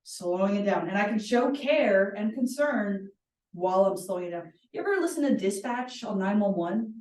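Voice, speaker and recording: A woman facilitating a workshop. She leads calm guided exercises and often checks in with a questioning "right?". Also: mid-range voice, moderate pace. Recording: roomy sound from a distant mic.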